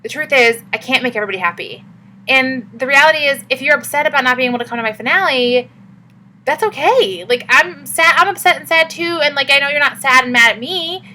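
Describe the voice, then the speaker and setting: A woman's voice: high voice, fairly quick, pushed and bright, low-quality recording. A young woman vlogging in a casual, chatty and upbeat way, with many fillers. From Massachusetts. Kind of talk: casual vlog talk.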